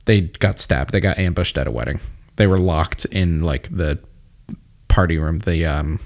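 A man's voice: deep voice, moderate pace, a little mellow. A man chatting casually, rambling and swearing freely, often laughing as he explains things. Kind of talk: casual chat.

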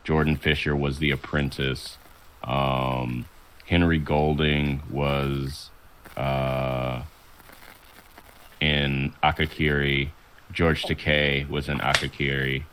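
A man co-hosting a podcast in casual chat, relaxed and wrapping up the show. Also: extremely low pitch, takes it slowly, clean tone, poor audio. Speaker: podcast co-host.

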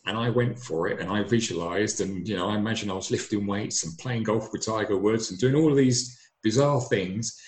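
Middle-aged man, emphatic and earnest, lowish voice, roomy echo. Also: fairly quick, hardly any pauses. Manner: earnest and emphatic, repeats his words. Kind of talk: personal storytelling. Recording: echoey room.

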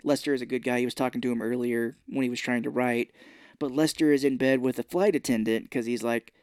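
A man's voice: medium pitch, steady tone, fast talker, a little mellow, clean tone, no echo, clean studio sound. A man co-hosting a podcast, casually recapping a film's scenes and acting out the characters' lines. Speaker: podcast co-host. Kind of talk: casual movie recap chat.

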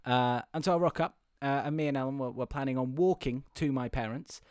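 A man's voice: mid-range voice, a little fast, a little mellow, clear, resonant tone, no room sound, studio quality. A young man hosting a podcast, telling long rambling stories, stumbling over words and laughing often. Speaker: podcast host. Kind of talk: casual podcast chat.

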